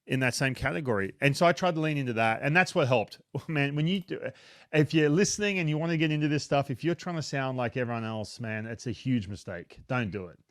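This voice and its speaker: A talkative Australian man in his thirties, relaxed and self-deprecating as he chats through an interview. His voice sits at an ordinary male pitch and sounds dry and close, with no room around it. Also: brisk, no room sound. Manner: self-deprecating, chatty, frequent restarts. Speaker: retired pitcher, baseball analyst. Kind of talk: casual interview chat. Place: home basement.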